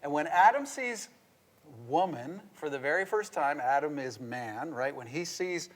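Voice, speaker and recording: A middle-aged man, a pastor, teaching a marriage devotional in a playful, animated way and laughing as he goes. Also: on the high side, measured pace. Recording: long reverb.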